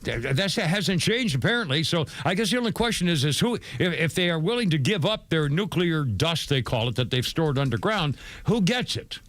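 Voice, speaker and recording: A man's voice: a little high, expressive, fairly quick, hardly any pauses, fairly bright tone. A man hosting a talk radio show, rambling through the news with many stammers, restarts and asides. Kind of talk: casual talk radio commentary. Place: radio studio. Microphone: studio microphone.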